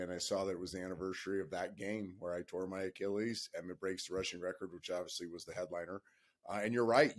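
A man in his fifties and former pro quarterback, telling stories earnestly in casual conversation. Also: on the low side. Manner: earnest, animated storyteller.

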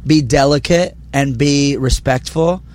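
Young male musician guest, hushed and a bit raspy after a show, casual and rambling. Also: mid-range voice, a little slow. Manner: speaking quietly, filler-heavy. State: slightly raspy from performing. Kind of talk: casual interview chat. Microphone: handheld mic held close.

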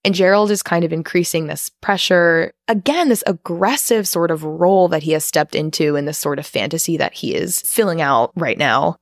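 A woman with a low voice recaps a film plot for her podcast, talking casually and filling her sentences with little asides. The sound is dry and close, with no room around her. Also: normal speed, few pauses, dry recording. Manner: chatty, profane, recaps with frequent fillers. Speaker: podcast co-host.

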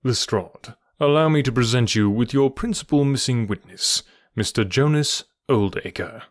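Brief: man voicing a poised, witty detective, mid-pitched, dry close recording. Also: no echo, close to an everyday voice. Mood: amused. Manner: measured, dryly amused, composed. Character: calm, theatrical, clever detective man.

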